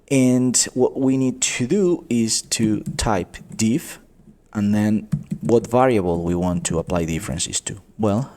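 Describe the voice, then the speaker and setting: A man teaching a coding tutorial, explaining step by step, often calling viewers "guys" and pausing with fillers. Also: on the low side, mellow. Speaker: economics tutor. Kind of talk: screen-recorded coding tutorial.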